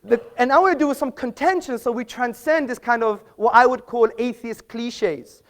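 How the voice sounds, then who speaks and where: A man's voice: very high voice, lively intonation, moderate pace, few pauses. A man making an assertive speech in a live public debate in an auditorium, quipping at the audience and quoting from books. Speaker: debate speaker.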